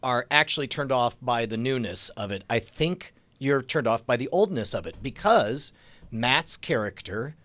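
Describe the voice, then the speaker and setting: A man's voice: medium pitch, moderate pace. A man co-hosting a podcast, talking casually and animatedly about TV shows. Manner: animated storyteller, laughs often. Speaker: podcast co-host. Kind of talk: casual chat about TV episodes.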